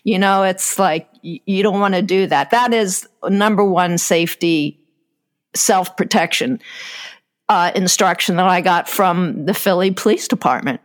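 A woman guest in casual chat, telling personal stories in an unhurried way, often breaking into laughter and letting sentences trail off. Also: fairly low pitch.

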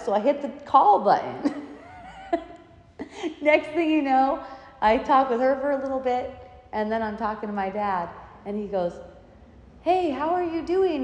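A woman's voice: medium pitch, a little mellow. A woman telling stories in a casual talk, meandering and often breaking into laughter. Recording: echoey room with long reverb.

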